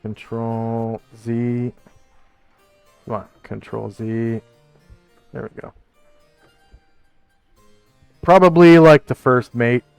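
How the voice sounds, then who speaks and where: A man running a tabletop game as game master, narrating in a relaxed way and thinking aloud with fillers. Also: medium pitch, takes it slowly, vocal fry, pauses often, smooth, faint music behind.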